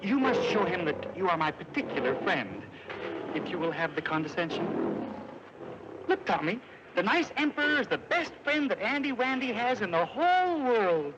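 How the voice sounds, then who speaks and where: An actor playing a meek, gentle man who loves animals, talking softly and humbly politely, in a 1950s film. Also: high voice, sing-song, normal speed. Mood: gentle coaxing. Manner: soft, coaxing, humbly polite. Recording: dull, hissy 1950s film soundtrack.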